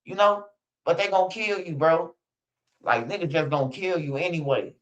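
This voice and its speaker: A man's voice: on the high side, normal speed, fairly bright tone, rough recording. A man ranting bluntly in casual street slang, repeating himself and swearing often. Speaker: streamer.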